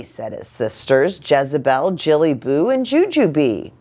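A woman pastor reading a picture book aloud to children, an animated and playful storyteller. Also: low voice, measured pace, few pauses.

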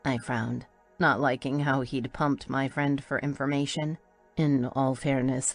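A woman's voice: very deep voice, flat delivery, unhurried, faint music behind. A woman narrating a first-person audiobook in a wry, playful storytelling manner.

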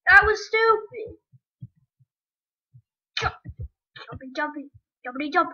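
Very high-pitched excitable gamer woman. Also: slow pace, long pauses, rough recording. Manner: excitable, talks to the game and viewers. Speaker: let's play gamer. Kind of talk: gaming commentary to viewers. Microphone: webcam or computer mic.

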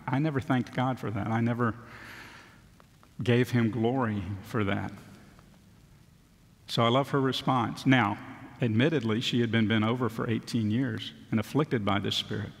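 A man's voice: mid-range voice, creaky. Man preaching in a reverberant church. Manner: conversational preaching with self-deprecating humor. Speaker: pastor. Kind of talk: sermon. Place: church sanctuary. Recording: long church hall reverb.

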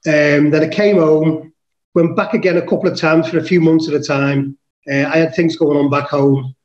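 A man's voice: fairly high pitch, steady tone, normal speed, a little mellow, reverberant, highs cut off. A man from England, a podcast guest, telling a rowdy story with lots of swearing and acting out his own lines. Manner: swears casually, acts out his own quotes. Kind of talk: animated storytelling.

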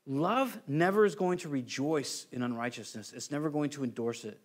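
A man's voice: a little high, moderate pace. A male pastor preaching a conversational sermon, acting out quoted voices and restarting phrases often.

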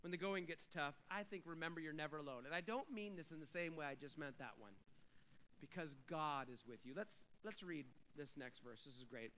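A male pastor preaching a sermon, talking through scripture and building to loud, emphatic declarations. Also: a little high, brisk, a little hiss or hum, poor audio.

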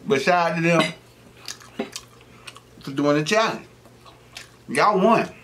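Taking it slowly, a middle-aged man with a fairly high voice and lively intonation hosts an eating show, chatting between bites and rambling into joking stories. Background noise is audible.

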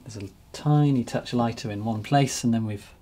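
A man narrating a painting demonstration as he works, relaxed and thinking aloud. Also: mid-range voice, normal speed. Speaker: painting teacher.

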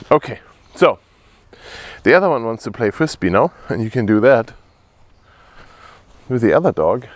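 A man filming a casual dog-training vlog outdoors, giving short firm commands between relaxed asides. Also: mid-range voice, unhurried, long pauses, no echo.

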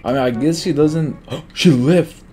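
A young man giving casual, slangy commentary over his own gameplay, excitable and quick to laugh, often repeating himself. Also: fairly high pitch. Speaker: gaming YouTuber. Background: faint guitar music.

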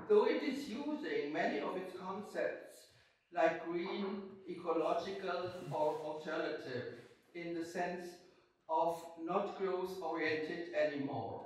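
An older woman with a German accent, reading a prepared lecture in a deliberate manner at a conference. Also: lowish voice. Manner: deliberate, with short self-deprecating laughs. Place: conference hall. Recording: echoey hall from far off, faint noise.

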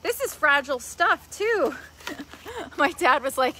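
A young woman vlogger gushing excitedly as she unboxes a gift haul at home, talking to her viewers and the giver. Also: high voice, measured pace, a little hiss or hum. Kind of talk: casual vlog unboxing. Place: home, later outdoors by a tree.

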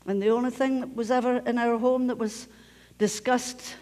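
A woman's voice: a little high, steady tone, moderate pace, darkish tone. A Scottish woman pastor preaching a sermon, emphatic, repeating key phrases and sometimes dropping to a near whisper. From Scotland. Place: church sanctuary. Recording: long church reverb.

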